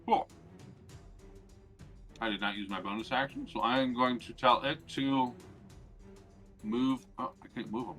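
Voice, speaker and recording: A man's voice: medium pitch, measured pace, long pauses, a bit bright, soft background music. A man playing in a tabletop game, asking rules questions and describing his moves with some hesitation. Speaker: player.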